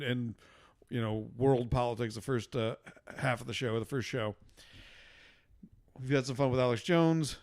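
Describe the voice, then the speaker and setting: A man co-hosting a casual podcast, joking and running himself down. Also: medium pitch. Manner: joking, self-deprecating banter. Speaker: podcast co-host. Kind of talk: casual chat.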